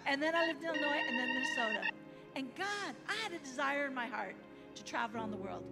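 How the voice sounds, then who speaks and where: An American woman preaching as a guest missionary, animated, leading the congregation in call-and-response. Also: high-pitched, fast. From United States. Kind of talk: sermon. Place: large church hall. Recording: church hall reverb with music.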